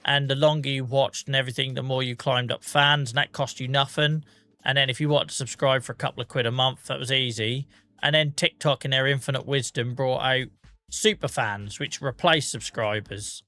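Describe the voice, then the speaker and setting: A man's voice: mid-range voice, steady tone, fairly quick, pushed and bright, no echo. A man hosting a game livestream, chatting casually and self-mockingly as he reads out viewer comments. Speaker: livestream host. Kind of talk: casual chat with viewers while gaming.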